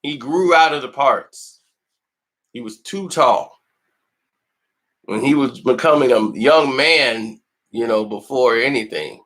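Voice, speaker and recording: Taking it slowly and pausing often, this man speaks in a mid-range, fairly bright voice. He hosts a film review channel and chats casually, laughing often, telling animated stories and acting out quotes in put-on voices.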